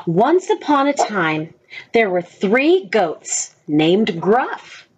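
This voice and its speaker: A woman reading a children's story aloud, slow and gentle, asking the children questions as she goes. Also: mid-range voice, very animated, husky, highs cut off. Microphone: own camera.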